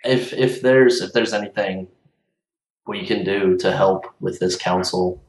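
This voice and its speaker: A man playing a tabletop game, talking in a relaxed, conversational way. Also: low voice, a little slow. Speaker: player. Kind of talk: casual tabletop role-play. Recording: roomy, distant mic.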